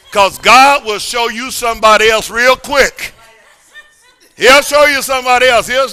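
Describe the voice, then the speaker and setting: A middle-aged man pastor preaching a sermon in a church service, emphatic and repetitive, swinging between sudden shouts and quiet asides. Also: high voice. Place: church sanctuary during a service.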